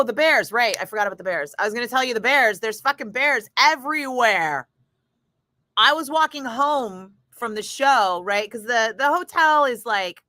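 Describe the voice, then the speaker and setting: A woman radio DJ talking in a radio studio between segments, with a bright, crisp voice close to a dry mic. She tells stories in an animated way, laughing often and swearing freely. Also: mid-range voice, dry recording. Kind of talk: casual storytelling chat between on-air segments.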